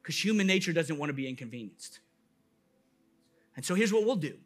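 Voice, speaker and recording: A man's voice: fairly high pitch, animated, fairly quick. A man preaching a sermon as a pastor, building with emphatic, repeated questions. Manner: impassioned preaching with rising emphatic repetition.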